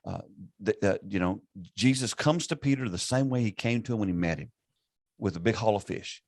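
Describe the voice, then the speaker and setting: A man in his late fifties, a pastor and podcast host, retelling a story in a lively conversational way with many restarts. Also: lowish voice, brisk, dry recording. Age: 50s. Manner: animated retelling with acted quotes, many restarts.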